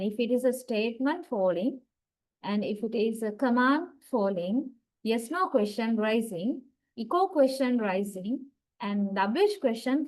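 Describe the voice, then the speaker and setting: A woman with a fairly high voice teaches a university lecture. She explains each point step by step and often checks in with the class. She also says example sentences aloud to show how they sound. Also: darkish tone, poor audio. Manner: demonstrates intonation with spoken examples.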